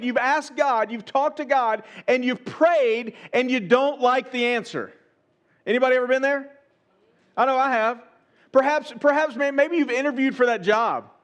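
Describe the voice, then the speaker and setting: A pastor delivers his sermon in a fairly high voice, speaking to the congregation as if chatting with them. He circles back with rhetorical questions and repeats his phrases as he builds each point. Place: church service.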